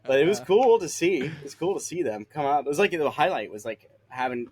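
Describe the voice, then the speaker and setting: A man's voice: a little high, lively intonation, a little fast, darkish tone, husky. A young man, a solo sailor guest on a podcast, talking in a laid-back way and laughing easily. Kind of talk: casual conversation. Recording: faint background noise.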